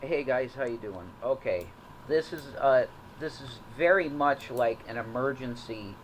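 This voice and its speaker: Male streamer, halting and repetitive, pleading to viewers, mid-pitched. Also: animated, slight background noise, poor audio. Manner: halting, repeating himself. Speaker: streamer in a clip. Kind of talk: appeal to viewers.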